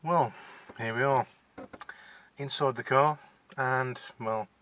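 Speaking slowly in a steady, slightly bright mid-range voice, a shy West Midlands man from Wolverhampton, England, chats casually to camera from his parked car. He is hesitant, with lots of fillers and restarts, and a little hiss or hum is audible.

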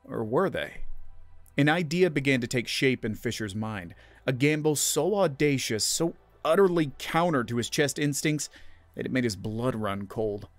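Male narrator for a sci-fi audio story, middle pitch, measured and dramatic, dry close sound. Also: expressive, no room sound, faint music behind. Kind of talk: scripted narration.

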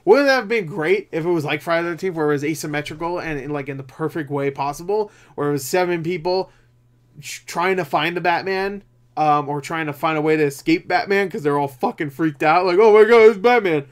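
A man's voice: on the high side, brisk. A tired young man grumbling and swearing as he talks casually while browsing game listings, with jokes at his own expense. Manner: profane, grumbling, frustrated, self-mocking. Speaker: gaming channel host.

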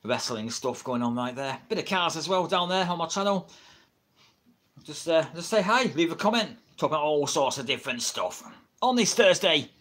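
Animated and a bit bright, the voice sits on the high side at normal speed: a middle-aged Englishman chatting loosely on his wrestling livestream, laughing frequently as he rambles. The audio comes from a built-in camera mic at home, with no real microphone.

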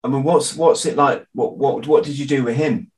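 A man's voice: mid-range voice, moderate pace, darkish tone. A man hosting a podcast interview, asking short, easygoing questions. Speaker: podcast host.

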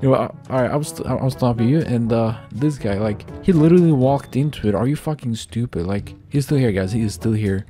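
A man giving excitable, stumbling gameplay commentary as a gaming video host, swearing often and repeating his words. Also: medium pitch, fairly quick, few pauses, over music. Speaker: gaming YouTuber.

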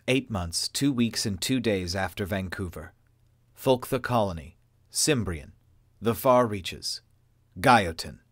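Low-voiced male audiobook narrator. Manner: steady, measured reading. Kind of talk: audiobook narration of web fiction.

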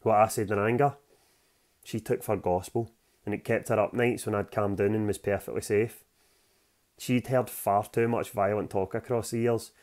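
Scottish author reading his novel aloud, lowish voice, gritty and plain. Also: darkish tone.

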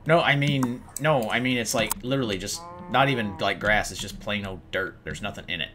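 A man hosting a casual game session with friends, excitable and hammy, breaking into loud outbursts. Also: fairly low pitch, a little fast, slight background noise. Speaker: gameplay host. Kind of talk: casual gaming chat with friends. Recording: keyboard clicks and typing.

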